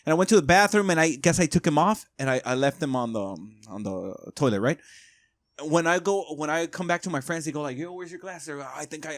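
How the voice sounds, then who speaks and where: A man from Mexico, a podcast host, telling a story in casual chat with loud, animated outbursts when he quotes people. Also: medium pitch, no room sound.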